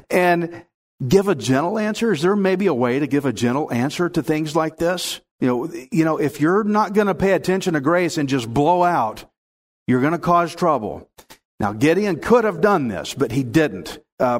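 A man preaching a sermon, talking earnestly and conversationally as he reads and explains scripture and acts out voices. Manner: drops low and soft in prayer. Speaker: pastor teaching the Bible. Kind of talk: sermon with prayer and Bible reading.

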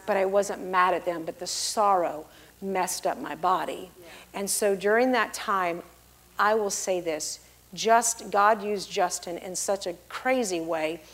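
A middle-aged pastor's wife giving a lively church testimony, acting out the people she quotes. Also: medium pitch, unhurried. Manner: storytelling, acts out the people she quotes in big, loud voices.

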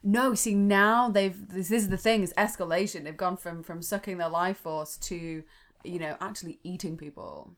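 A woman's voice: lowish voice, steady tone, moderate pace. A woman co-hosting a podcast, recounting a film plot in a wry, giggly casual chat. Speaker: podcast co-host.

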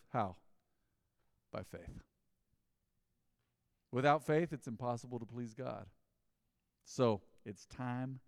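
A man preaching a mid-week sermon as pastor, talking in a conversational, animated way that swings from loud to quiet. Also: mid-range voice, no room sound, clean studio sound.

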